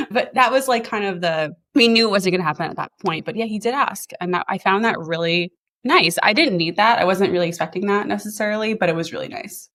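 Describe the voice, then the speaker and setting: A woman's voice: mid-range voice, fast talker, fairly bright tone. A woman in her thirties, originally from New Jersey, hosting a podcast in casual, chatty conversation that is full of laughter. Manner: chatty, laughs often, many likes. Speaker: podcast host. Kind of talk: casual chat.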